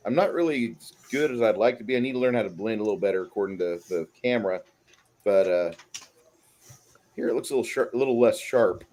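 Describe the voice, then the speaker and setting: A man's voice: fairly low pitch, fast, a little mellow. Man showing off a painted figure. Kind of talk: casual show-and-tell chat.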